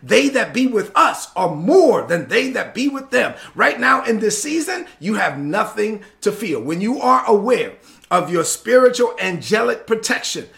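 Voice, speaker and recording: A man's voice: sits high, sing-song, measured pace, gravelly, a bit bright. A man preaching a sermon in an emphatic, repetitive cadence.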